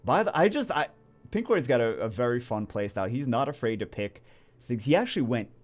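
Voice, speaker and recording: A man giving casual game commentary as a YouTuber, rambling and excitable with many restarts. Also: mid-range voice, brisk. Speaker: gaming YouTuber.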